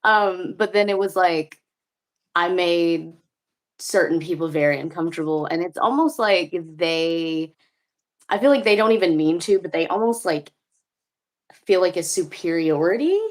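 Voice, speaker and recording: A woman's voice: on the low side, normal speed. A young woman chatting casually, telling stories with lots of laughter and fillers. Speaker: co-host in a conversation. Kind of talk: casual chat.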